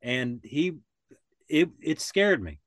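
A man's voice: on the high side, sing-song, takes it slowly, a bit bright, no room sound. Older man rambling through a story. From Florida. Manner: rambling, restarts often, acts out quoted voices. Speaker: podcast guest. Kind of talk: casual storytelling.

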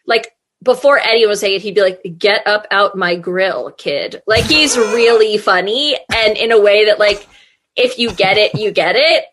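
A woman's voice: medium pitch, moderate pace, a bit bright, slight background noise. A woman hosting a casual chat, telling rambling stories through bursts of laughter. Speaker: podcast host. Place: home room, remote call.

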